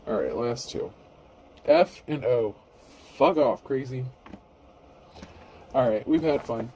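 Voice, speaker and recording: A man's voice: medium pitch, slow, noisy background. A man giving a casual, rambling tarot reading, blunt and freely swearing. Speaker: tarot reader.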